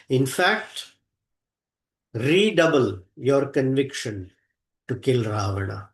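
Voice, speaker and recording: A man's voice: mid-range voice, very animated, slow, pauses often, echoey room. A man telling a scripture story as a devotional lecture, acting out the characters' lines and reciting Sanskrit verses, often asking "hmm?" to his listeners. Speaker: spiritual teacher.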